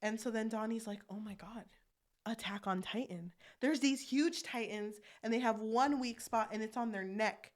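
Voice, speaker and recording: A woman's voice: on the high side, normal speed, few pauses. Young woman eagerly retelling a movie. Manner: animated, acts out character lines while recapping. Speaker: podcast co-host. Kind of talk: casual chat retelling a movie plot.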